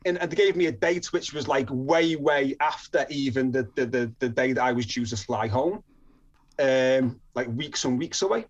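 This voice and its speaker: A man from northern England telling his story as a podcast guest, lively and acting out the people he quotes. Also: on the high side, fast talker, muffled recording. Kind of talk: storytelling interview.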